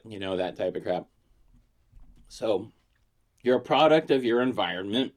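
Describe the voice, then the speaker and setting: A middle-aged man from Pittsburgh riffs through a comic monologue. He speaks without a regional accent. His delivery is crude and rambling, and he is quick to poke fun at himself. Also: on the low side. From Pittsburgh, USA. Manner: crude, rambling, self-mocking. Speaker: comedian vlogger. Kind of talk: comedic monologue.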